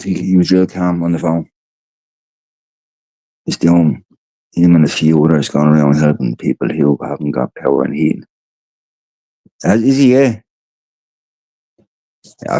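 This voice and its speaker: Indoors at his home, a tired Irish streamer drifts through casual stories at a moderate pace, leaving long pauses. His voice is deep and mellow with no echo, and he swears liberally and repeats his words.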